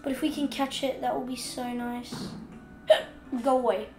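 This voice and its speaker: A woman giving casual gameplay commentary, chatting along and scolding the fish in the game out loud while she has the hiccups. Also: high-pitched, fairly even intonation, unhurried, reverberant. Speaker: gaming video host.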